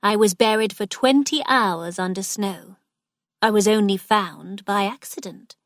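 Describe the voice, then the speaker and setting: A woman voicing a big young army major who speaks calmly and plainly, in a story read for learners. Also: mid-range voice, measured pace, dry recording, clean studio sound, close to an everyday voice.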